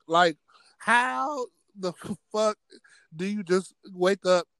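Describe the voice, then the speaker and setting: High-voiced, slow-talking male guest. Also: lively intonation, fairly bright tone, dry recording. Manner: exasperated, sarcastic, laughs often. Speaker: podcast guest. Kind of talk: casual profane chat.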